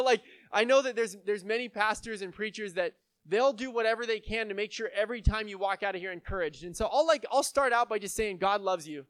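High-voiced casual young pastor. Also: male voice, a bit bright, smooth, no echo. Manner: casual, conversational preaching with frequent "right?" and "like". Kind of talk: sermon.

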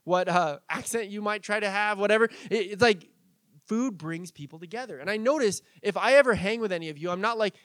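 A pastor from Southern California preaching a sermon in a casual, conversational way, full of asides. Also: male voice, sits high, brisk, a bit bright, no echo.

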